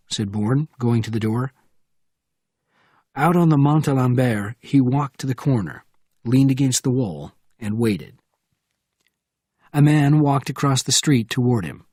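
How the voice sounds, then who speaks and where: A man giving steady scripted narration of a thriller audiobook. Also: medium pitch, a little slow, long pauses, slightly rough, no echo, clean studio sound.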